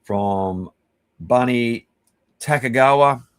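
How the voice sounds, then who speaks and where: An Australian man hosting a live stream, giving rambling, chummy shout-outs to viewers and swearing casually. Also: mid-range voice, slow, smooth, no room sound. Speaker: livestream host.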